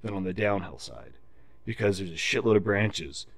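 A man's voice: sits low, sing-song, moderate pace, creaky, dry recording. A man in casual podcast chat, telling a profane story and explaining tree felling in technical detail. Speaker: podcast guest.

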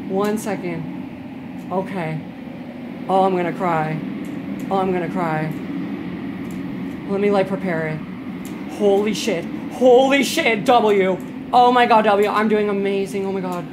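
A woman's voice: medium pitch, takes it slowly, pauses often, very noisy. A young woman live-streaming a game, chatting with her chat, a little tipsy, swearing and shrieking when startled. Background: game music.

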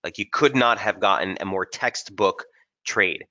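A man with a bright, forceful tone and a slightly low voice walks viewers through trading charts in a live webinar. He keeps it casual and energetic, talking straight to his audience. The sound is dull and lo-fi, like typical webinar audio. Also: a little slow. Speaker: technical strategist hosting a trading webinar. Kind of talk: live market analysis over charts.

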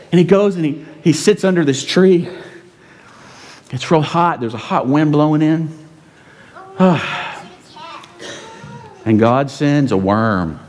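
Male pastor preaching; animated, chatty delivery with tag questions, echoing through a sanctuary. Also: mid-range voice. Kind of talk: sermon. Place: church sanctuary. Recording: long reverb in a church.

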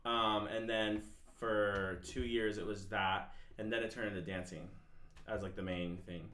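A man's voice: fairly low pitch, steady tone, unhurried, bright, forceful tone, roomy sound. Chatty young man telling rambling stories. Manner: rambling, filler-heavy storytelling. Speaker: podcast guest. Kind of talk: casual chat.

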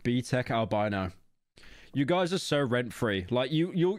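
A man's voice: mid-range voice, very animated, moderate pace, dry recording. Young british guy streamer, sarcastic and sweary, dry mic. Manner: sarcastic, swears a lot, talks to chat. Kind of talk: casual gaming commentary.

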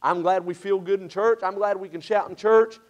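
A high-pitched man delivers a sermon from a church pulpit. His preaching comes in loud, rising bursts. Then he sinks to a low, quiet tone. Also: steady tone, normal speed. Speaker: pastor.

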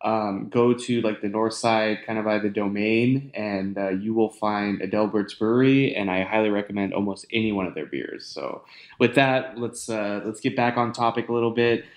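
A man's voice: lowish voice, moderate pace. A man hosting a casual podcast chat, rambling with lots of fillers while steering the conversation. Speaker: podcast host. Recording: roomy echo.

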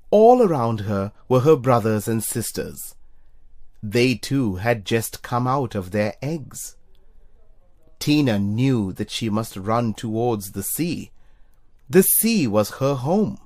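A narrator reading a children's storybook aloud in an expressive way. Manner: expressive, puts on high squeaky voices for characters. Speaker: storybook reader for young children.

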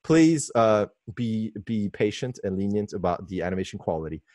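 With a lowish voice at normal speed, a man in his forties comments on a webinar as a guest animator, calling in from his home workspace on a video call mic. He's excitable and gushing, laughing often throughout. The recording has studio quality and no echo.

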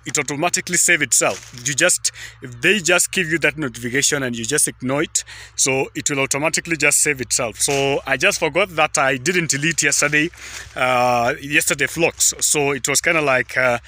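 A young man with an East African accent, chatting casually in a rambling vlog, often repeating "guys" and "just", filmed outdoors beside a highway on a handheld phone. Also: pushed and bright. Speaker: vlogger.

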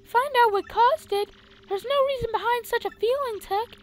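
A woman's voice: very high voice, moderate pace. A woman voicing a sweet, dreamy young princess in a game, speaking wistfully. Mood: flustered.

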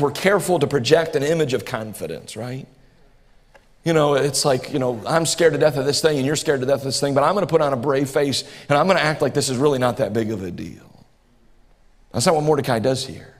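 A man, preaching a sermon as pastor, earnest and repetitive, rising to impassioned bursts. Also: on the high side. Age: 40s. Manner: earnest, repeats phrases, rises to impassioned bursts. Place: church sanctuary. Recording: reverberant church hall.

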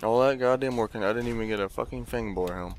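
A man's voice: medium pitch, fast talker, slight background noise. A young man commentating his own gameplay, trash-talking enemies with lots of swearing and breaking into sudden yelps of alarm. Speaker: let's play host.

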